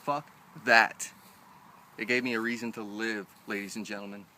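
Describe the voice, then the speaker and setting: A man's voice: lowish voice, level tone, quick pace, pushed and bright, slight background noise. A young man performing a live show, telling a profane personal story with intensity that builds into heated outbursts, then moving into spoken word poetry.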